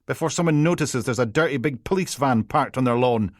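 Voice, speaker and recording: A man's voice: medium pitch, fairly quick, no echo, pitched above the performer's own voice, lightly acted. A man voicing an impatient male detective urging his colleagues on. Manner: impatient, dry.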